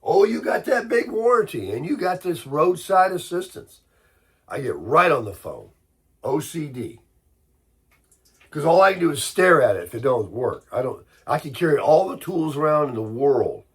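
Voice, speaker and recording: An American man, sick and congested with a hoarse voice, telling a rambling, grumbling story in a casual morning chat. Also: on the high side, big pitch swings, moderate pace. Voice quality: husky. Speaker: vlogger.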